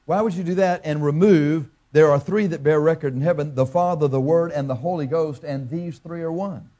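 Pastor, male, preaching. Folksy, asks the room questions, mellow tone. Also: on the high side, normal speed. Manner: farm analogies. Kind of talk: sermon.

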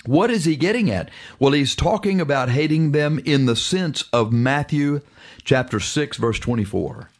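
Male radio preacher, emphatic, slow drawn-out stresses broken by quick bursts, reads old scripture wording. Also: on the high side, expressive. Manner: emphatic, drawn-out preaching with sudden fast stretches. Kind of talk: radio sermon with scripture reading.

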